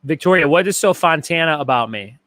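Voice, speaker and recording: A man hosting a laid-back trivia stream, reading questions and cracking jokes between comments. His voice sits a little high for a man. The sound is close and dry, with almost no room around it. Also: animated, brisk, bright, forceful tone, no echo. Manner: joking, reads viewer comments aloud. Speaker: trivia host. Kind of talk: casual livestream trivia hosting. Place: home garage.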